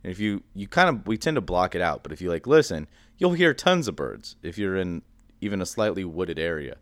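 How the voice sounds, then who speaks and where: A young man co-hosting a casual podcast, explaining things at length in a chatty, animated way. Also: deep voice, a little fast, dry recording. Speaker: podcast co-host. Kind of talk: casual chat.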